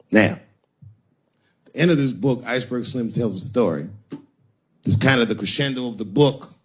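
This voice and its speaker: A man's voice: mid-range voice, normal speed, pauses often, breathy edge. A male stand-up comedian telling a crude, punchy story on stage.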